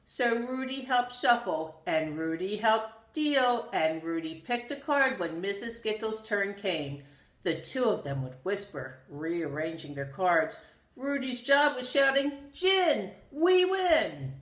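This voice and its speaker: A woman reading a children's storybook aloud in an expressive, sing-song storytelling manner. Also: medium pitch, unhurried. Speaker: storybook reader. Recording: roomy echo.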